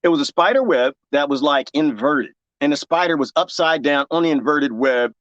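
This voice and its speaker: A man's voice: a little high, normal speed, a bit bright, no echo, dull audio. A man chatting casually as a gardening vlogger, rambling, restarting and laughing often. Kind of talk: casual chat to camera.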